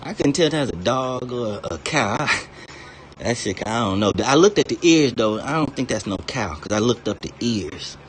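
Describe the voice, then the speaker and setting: On a stream, a man with an animated, mid-range voice rants at a moderate pace against slight background noise. It's casual, rambling talk full of constant swearing, occasional laughter between lines, and free wandering from topic to topic.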